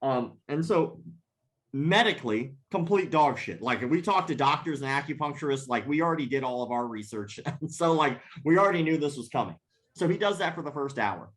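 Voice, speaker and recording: A man's voice: a little high, a little fast. Man telling a profane story. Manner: profane, laughing, animated anecdote telling. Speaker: podcast guest. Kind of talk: casual storytelling.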